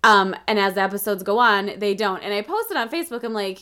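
Playful young woman, lively pitch. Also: brisk, hardly any pauses. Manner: playful, teasing, profane. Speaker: podcast co-host. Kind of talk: casual chat recapping a TV show.

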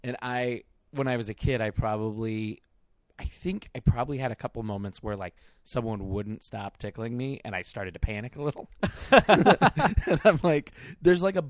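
A young man co-hosting a podcast in casual chat, telling stories in an animated way and acting out the voices he quotes. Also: fairly low pitch, normal speed, no room sound, clean studio sound. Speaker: podcast co-host.

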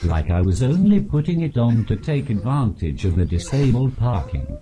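A man speaking through a synthetic computer voice, delivering prepared jokes in a deadpan way as a comedy guest. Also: medium pitch, moderate pace. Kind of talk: deadpan text-to-speech jokes.

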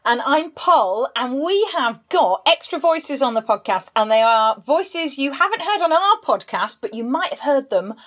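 A chatty English woman co-hosts a podcast with a slightly high voice. She talks in casual chat with friends, laughing easily and restarting her sentences as she goes. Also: sing-song, moderate pace, hardly any pauses, a bit bright. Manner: chatty, self-interrupting, laughing. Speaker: podcast co-host.

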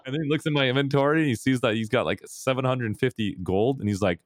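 A man in casual podcast chat, telling stories with lively jumps into a high voice when acting out scenes. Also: quick pace, no room sound, studio quality. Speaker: podcast co-host.

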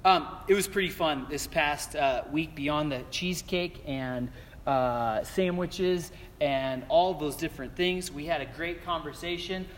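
High-voiced pastor in an echoing hall. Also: male voice, a little slow, slight background noise. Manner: conversational storytelling with many fillers. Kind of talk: sermon.

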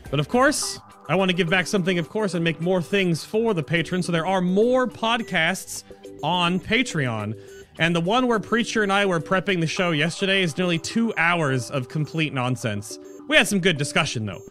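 Lively, bright-voiced male podcast host. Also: high-pitched, normal speed. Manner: chatty, rambling with restarts and laughs. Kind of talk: casual chat. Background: background music.

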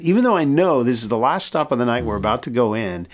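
A middle-aged man from the United States, a mission president appearing as a guest, tells a personal story in an interview and acts out the dialogue. His mid-range voice swings widely in pitch. He talks at a quick pace.

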